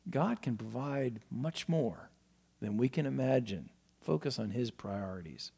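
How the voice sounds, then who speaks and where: A man preaching a sermon to his congregation in an earnest manner, his emphasis rising and falling, pausing now and then to correct himself. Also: mid-range voice, animated, vocal fry, warm tone, breathy edge. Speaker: pastor.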